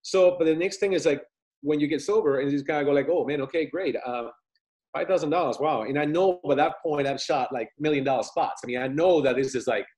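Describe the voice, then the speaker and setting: A man being interviewed about his filmmaking, talking in a rambling, animated way and acting out what people said. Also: on the high side, fast talker. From Italian family, lives in United States. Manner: rambling, animated, acts out quotes. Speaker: filmmaker guest. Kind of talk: casual interview storytelling.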